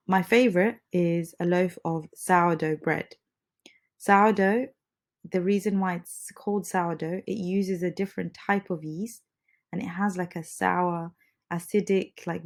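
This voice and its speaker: A woman teaching an English lesson, feeling a little under the weather, repeating phrases slowly and patiently for learners. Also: lowish voice, a little mellow. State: under the weather, slightly congested.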